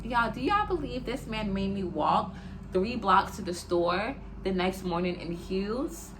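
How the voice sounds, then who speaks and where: A woman's voice: mid-range voice, sing-song, unhurried, noisy background. A young adult woman telling a personal story in a casual, chatty way, with lots of "like" and "y'all" as she talks to her viewers.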